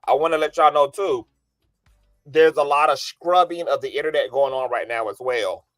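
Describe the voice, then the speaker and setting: A man's voice: mid-range voice, normal speed, fairly bright tone, no room sound, studio quality, soft background music. A man hosting a casual gossip livestream from his bedroom, sassy and flamboyant, calling viewers honey and girl and greeting them by name. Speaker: livestream host. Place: bedroom, lying down.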